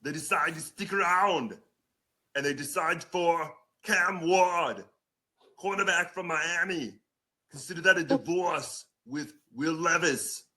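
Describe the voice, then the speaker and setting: A man impersonating a deadpan cyborg with a thick accent. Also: fairly high pitch, takes it slowly, voice pushed up. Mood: announcing. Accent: imitated Austrian-style movie-star accent. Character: gruff cyborg man sent back in time. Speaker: mock draft announcer.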